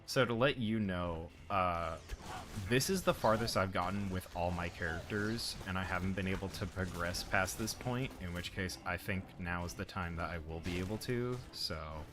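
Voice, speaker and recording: Deep-voiced man chatting over gameplay. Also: moderate pace, noisy background. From United States. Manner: rambling, joking to chat. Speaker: streamer. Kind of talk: casual gameplay chat.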